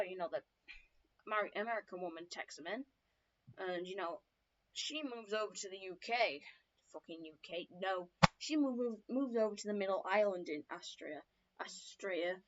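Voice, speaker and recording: A woman's voice: mid-range voice, animated, normal speed, bright, forceful tone. Young woman rambling through her story. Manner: profane, rambling, many fillers and self-corrections. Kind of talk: casual rambling lore telling. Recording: dull lo-fi recording.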